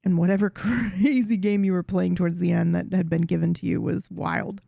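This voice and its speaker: A woman's voice: on the low side, level tone, normal speed, creaky, dark tone, dry recording, clean studio sound. A woman streamer chatting casually from a room at home, greeting viewers and rambling along with small restarts. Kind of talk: casual livestream chat to viewers. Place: home room with a cat tree.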